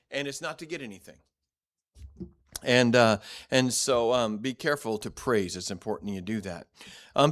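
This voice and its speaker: A man's voice: medium pitch, fairly bright tone. A man teaching a church Bible class in a blunt, direct, conversational way, often restarting and repeating words.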